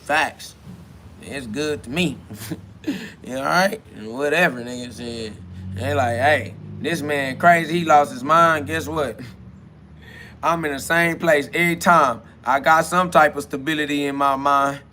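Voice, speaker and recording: Bright-voiced man rambling in slangy self-talk. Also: a little high, measured pace, slight background noise. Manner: loose slangy rambling with laughs. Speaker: podcast host. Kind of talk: solo self-talk monologue.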